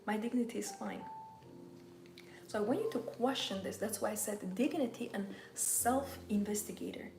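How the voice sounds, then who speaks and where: A woman's voice: mid-range voice, moderate pace, vocal fry, roomy sound, music in the background. A woman giving a motivational livestream talk as a femininity coach, emphatic and full of repeated rhetorical questions.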